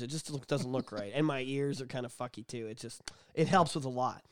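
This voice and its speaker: A man's voice: mid-range voice, lively intonation, fairly quick, clear, resonant tone, no echo, studio quality. A young man co-hosting a podcast in casual chat, crude and teasing, laughing often. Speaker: podcast co-host.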